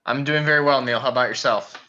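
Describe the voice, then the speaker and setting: Man, bright voice, webinar presenter, relaxed with fillers, dull lo-fi call audio. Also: medium pitch, fast talker. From Michigan. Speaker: trading strategist and webinar presenter. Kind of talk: casual live webinar talk.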